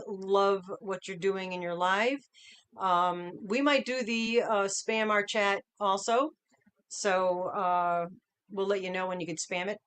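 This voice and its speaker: A middle-aged woman hosts a livestream from home. She chats in an upbeat, easygoing way and greets viewers by name one after another. Her voice is smooth and clear, at an ordinary pitch for a woman. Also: a bit bright. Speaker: livestream host.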